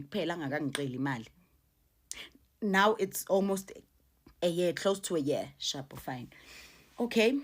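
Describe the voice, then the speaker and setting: A middle-aged woman with a South African accent tells a personal story in an animated way, repeating exclamations and mixing in local words. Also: lowish voice.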